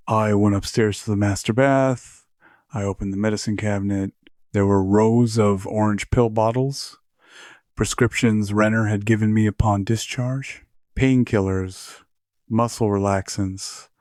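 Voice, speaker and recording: Low-voiced man reading a horror story. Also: darkish tone, no echo, studio quality. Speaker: narrator. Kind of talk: scripted horror narration.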